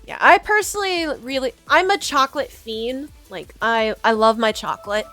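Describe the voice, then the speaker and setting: A woman's voice: on the high side, lively intonation, moderate pace, bright, forceful tone, no room sound, faint music behind. A young adult woman streamer chatting casually to her viewers, giggly and rambling, often restarting her sentences. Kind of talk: casual livestream chat with chat.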